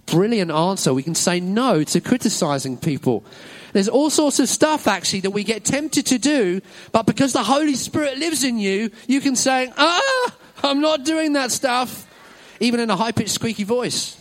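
A man's voice: sits high, animated, normal speed. A man leading a children's talk in a church service, upbeat and encouraging, praising every answer. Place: church hall with an audience.

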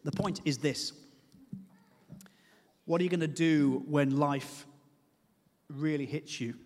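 A man's voice: on the high side, slow, darkish tone, big-room sound. A man preaching a sermon, telling a comic personal story and then pleading earnestly with his listeners.

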